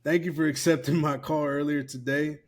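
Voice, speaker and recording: A man's voice: on the high side, flat delivery, brisk, slight background noise. Laid-back profane podcast guy. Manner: loose, profane, laughing while reading aloud. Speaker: podcast co-host. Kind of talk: casual podcast chat.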